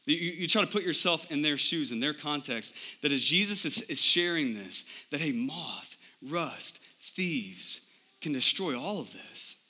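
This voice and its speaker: Bright-voiced, animated male preacher. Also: unhurried, breathy edge. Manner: animated preaching, rising to emphatic highs then dropping low; conversational, repeats words and asks "right?". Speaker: pastor. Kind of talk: sermon.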